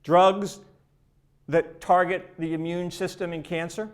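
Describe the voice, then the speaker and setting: A man's voice: sits high, level tone, measured pace. A man giving a live keynote speech from a conference stage, speaking emphatically and conversationally, often repeating words. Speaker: keynote speaker for a research charity. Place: conference stage before an audience.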